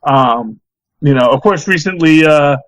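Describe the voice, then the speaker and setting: A middle-aged man co-hosting a podcast, talking in a rambling, animated casual chat full of restarts. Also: on the high side, unhurried, dry recording, poor audio. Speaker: podcast co-host.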